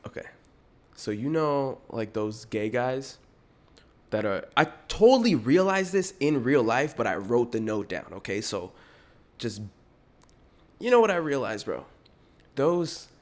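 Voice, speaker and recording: A young man hosting a podcast, ranting bluntly in a casual style, talking in fast bursts full of fillers. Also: mid-range voice. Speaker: podcast host. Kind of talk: casual opinion rant.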